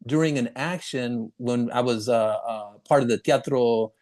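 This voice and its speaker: A man hosting a casual interview, talking in a halting way with many restarts and quick laughs. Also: medium pitch, darkish tone. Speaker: podcast host.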